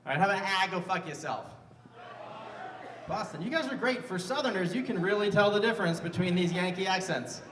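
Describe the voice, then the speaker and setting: A man's voice: sits high, fast talker, hardly any pauses, fairly bright tone, slight background noise. Roomy, distant stand-up comic in his fifties. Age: 50s. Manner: self-mocking, banters with the crowd. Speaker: stand-up comedian. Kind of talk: live stand-up set. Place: large live music venue on stage. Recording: roomy venue sound from a distance.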